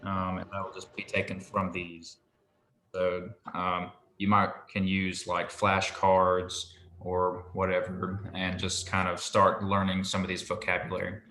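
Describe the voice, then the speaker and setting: Patient, encouraging male tutor, slightly low. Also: monotone, unhurried, bright, forceful tone, slight background noise. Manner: patient, encouraging, loose with fillers. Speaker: Hebrew teacher. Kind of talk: online language tutoring. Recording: roomy echo.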